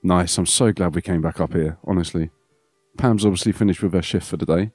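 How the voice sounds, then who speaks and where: A man's voice: sits low, a little fast, a little mellow, dry recording, clean studio sound, soft background music. A man hosting a let's play, chatting playfully and thinking aloud as he goes. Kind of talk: casual gameplay commentary.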